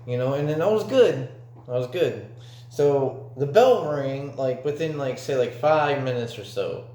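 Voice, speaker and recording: A man's voice: mid-range voice, lively intonation, a little slow, a little mellow. A young man telling a story from his own life in a casual, rambling way, with lots of fillers and swearing. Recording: echoey room.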